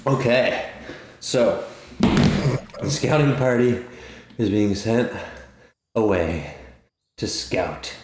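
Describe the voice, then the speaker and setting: A man running a tabletop game as game master, narrating in a relaxed, brisk way. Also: on the low side, reverberant, heavy background noise. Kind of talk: casual tabletop game chat.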